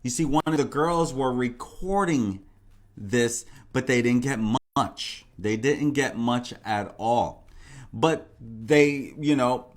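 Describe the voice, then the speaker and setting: A man's voice: medium pitch, slow pace. A man hosting a casual true crime commentary, rambling and repeating himself with many fillers. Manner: repetitive, rambling, full of "you know" and "like". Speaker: true crime channel host.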